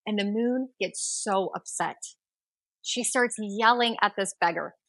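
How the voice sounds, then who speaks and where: A woman host tells a myth in a flowing, rhythmic voice, then explains its meaning. Her pitch sits at a middle level. The recording is close and dry, without room echo. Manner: expressive, rhythmic storytelling. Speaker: astrology podcast host. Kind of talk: storytelling and teaching.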